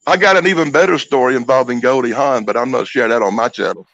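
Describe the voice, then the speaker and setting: A man's voice: medium pitch, quick pace, vocal fry, dry recording, muffled recording. A man telling stories in casual, profane chat, acting out the people in them. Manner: profane, animated storyteller who acts out the people in his stories. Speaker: guest storyteller.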